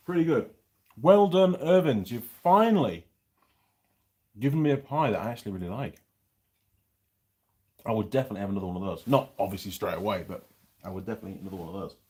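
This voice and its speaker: A middle-aged man talks in a loose, rambling way as he hosts a casual food vlog. His pitch bounces up and down a lot as he reads out viewer comments between bites. He sounds like he is close to the camera's mic. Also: animated, fast, pauses often, mellow. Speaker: channel host reviewing pies. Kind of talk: casual live-chat vlog.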